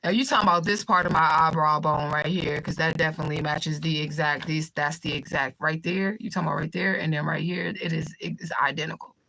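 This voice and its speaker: Fast-talking blunt woman livestreamer. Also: low-pitched, fairly even intonation, gravelly, sharp tone, low-quality recording. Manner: talks fast, blunt and profane, reads out comments. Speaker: livestream host reading viewer comments. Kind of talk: fast casual livestream talk.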